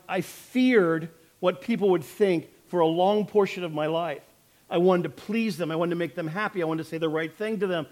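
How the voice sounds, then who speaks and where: A male pastor preaching a sermon in an earnest, conversational way, telling personal stories with quoted asides. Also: fairly high pitch.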